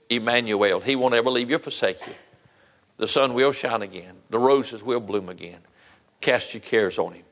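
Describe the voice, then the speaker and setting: Pleading pastor in a reverberant hall. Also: male voice, medium pitch, fairly bright tone. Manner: earnest, pleading, repeats phrases. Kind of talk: sermon with altar call.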